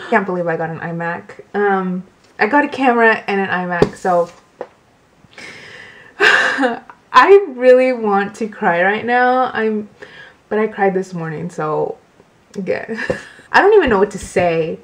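A young woman talking casually to her camera in a bedroom haul video, soft-spoken and gushing, with gasps and laughs. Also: medium pitch. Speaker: beauty vlogger. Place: bedroom at home.

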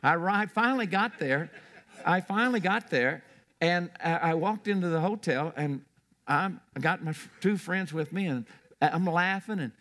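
A man's voice: high-pitched, moderate pace, fairly bright tone. An older man preaching a sermon in a church, telling stories in a rambling way with restarts.

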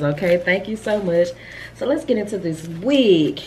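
A woman's voice: fairly low pitch, unhurried, slight background noise. Chatty woman vlogging at home. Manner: chatty, excitable, talks to viewers directly. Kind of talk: casual vlog chat.

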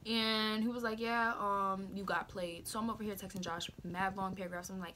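A woman's voice: mid-range voice, normal speed, bright, forceful tone, a little hiss or hum. A teenage girl vlogger telling a story in casual slang, acting out what people said.

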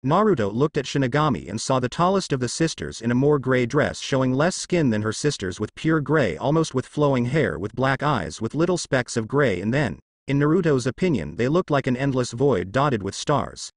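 A man reading a fan-fiction story with lively, expressive intonation at an ordinary pitch. The sound is close and dry with no room echo. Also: normal speed, hardly any pauses. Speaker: fanfiction narrator.

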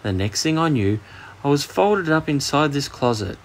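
A man with an Australian accent voicing an embarrassed, grumpy male dragon for a bedtime storybook, speaking slowly in a raised voice. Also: very animated, slight background noise. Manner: slow, sulky, higher-pitched drawl.

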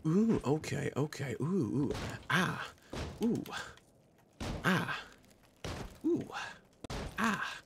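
A young man comments on a horror game at his desk, jokey and excitable. His pitch leaps from low mutters up to loud yelps. A light hiss sits under the recording. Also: extremely slow, long pauses. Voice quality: excitable, jokey, swings between mumbling and shouting. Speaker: streamer. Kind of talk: energetic gaming commentary.

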